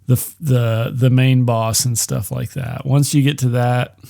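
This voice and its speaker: A man rambles through a movie review in a loose, profane monologue full of jokes. His voice sits at an ordinary middle pitch. It is recorded dry and close, with no room sound. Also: little pitch movement, unhurried, vocal fry, mellow, no room sound. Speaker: movie podcast host.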